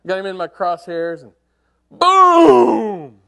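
Animated man telling a sermon story. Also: a little high, normal speed. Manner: animated storyteller, rises to excited outbursts. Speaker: preacher.

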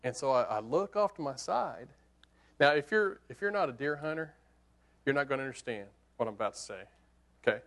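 A man preaching, telling a hunting story as a sermon illustration in an animated, conversational way that swings from hushed to excited. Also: mid-range voice, fairly quick.

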